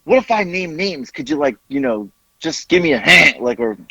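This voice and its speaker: Animated man telling a story, lively voice. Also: on the high side, moderate pace, creaky, dry recording. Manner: animated, swearing, acting out both sides of a phone call. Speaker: podcast host. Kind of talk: storytelling on a podcast.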